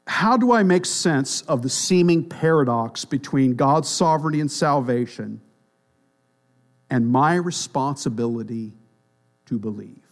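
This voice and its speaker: A pastor preaching a sermon in a church, emphatic, swinging between loud declarations and quiet, dropped phrases. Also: male voice, expressive, a little slow. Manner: emphatic, rises and drops sharply in pitch and volume.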